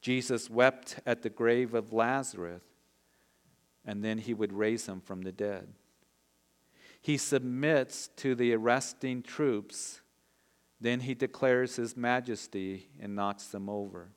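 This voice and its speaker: A man's voice: mid-range voice, takes it slowly, clear, resonant tone. A man preaching an expository sermon, conversational and earnest, acting out quoted lines of dialogue. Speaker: pastor. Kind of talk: expository Bible teaching.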